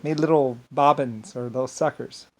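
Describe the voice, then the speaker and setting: Man of ordinary pitch, solo unscripted monologue; grandiose, wandering, circles back on himself. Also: fairly even intonation, normal speed, a little mellow. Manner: grandiose, meandering, repeats himself. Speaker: solo speaker.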